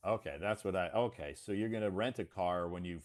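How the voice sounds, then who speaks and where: Deep-voiced American man, friendly chat. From United States. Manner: friendly, slow and encouraging, repeats to clarify. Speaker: host. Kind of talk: casual chat.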